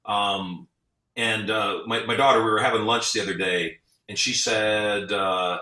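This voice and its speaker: A man's voice: fairly low pitch, steady tone, normal speed, bright, forceful tone. A middle-aged man talking as a podcast guest, an earnest storyteller who acts out the people he quotes. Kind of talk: motivational interview talk. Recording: echoey, off-mic sound.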